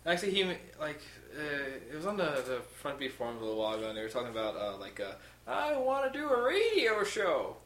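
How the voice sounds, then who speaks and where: A young man in casual chat, playful and joking, stumbling over words when excited. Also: mid-range voice, racing, hardly any pauses. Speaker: podcast co-host. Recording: echoey room with faint noise.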